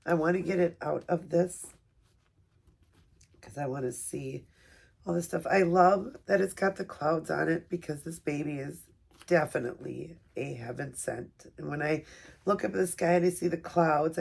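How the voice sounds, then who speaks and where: A woman at home filming an unboxing video for her vlog, talking softly and gushing with emotion. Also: sits low, normal speed, creaky, slightly rough. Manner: gushing, soft-spoken, emotional. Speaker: vlogger. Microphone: camera set up nearby.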